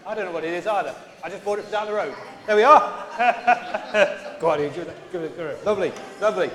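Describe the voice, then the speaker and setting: A man's voice: high voice, fairly quick, a bit bright. A man leading a playful children's talk in a large church, chatty and coaxing the kids along. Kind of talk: playful all-age church talk with props. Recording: echoey church hall with long reverb.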